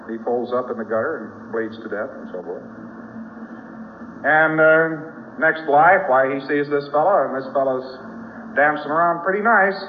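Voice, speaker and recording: A man's voice: medium pitch, narrow, tinny audio, a little hiss or hum. A man giving a spoken lecture, telling folksy stories with frequent asides.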